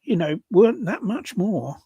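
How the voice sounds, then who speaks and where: An older man from England co-hosting a casual discussion, talking in halting bursts with many restarts and repeated words. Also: high-pitched, big pitch swings, warm tone, slightly rough, dry recording, dull audio. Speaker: podcast co-host.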